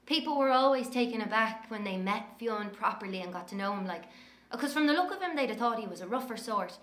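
An actress voicing a blunt, sharp-tongued Irish woman who narrates her childhood with an earthy, cursing manner. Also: a little high, lively intonation. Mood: candid, wry. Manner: brisk, earthy storytelling with cursing. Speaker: narrator recalling her twin brother. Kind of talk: dramatic first-person narration.

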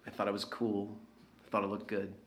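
A reflective man looks back in a quiet, measured and rueful way, voiced by an actor. His voice sits fairly low. The sound carries the echo of a roomy space. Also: monotone, slight background noise, lightly acted. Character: reflective man who once smoked, looking back. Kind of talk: dramatic first-person narration.

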